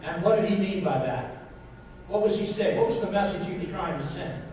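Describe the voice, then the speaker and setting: A man's voice: high-pitched, lively intonation, a little fast, a little mellow. A man, a pastor, preaching a sermon with emphatic repetition and questions to the congregation. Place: church sanctuary. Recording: echoey church hall, mic from a distance.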